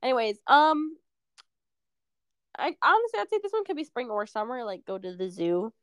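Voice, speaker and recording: A young woman chats on her podcast in a high, bright-sounding voice, rambling through ideas and tossing out sarcastic jokes between giggles. The sound is dry and close, with no room around it. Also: expressive, moderate pace, smooth, no room sound. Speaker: podcast co-host. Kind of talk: casual chat.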